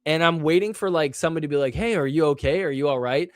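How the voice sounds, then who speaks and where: A fast-talking young man hosts a casual solo show, rambling with plenty of fillers and teasing himself, switching to a higher voice to play the fans he quotes. The recording is dry and clean studio sound.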